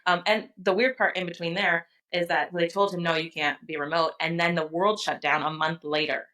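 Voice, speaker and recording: A woman guest, a therapist and business owner, chatting casually and quickly with lots of "like" fillers. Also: lowish voice, low-quality recording. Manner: rapid, animated talk full of "like" fillers. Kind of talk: casual chat.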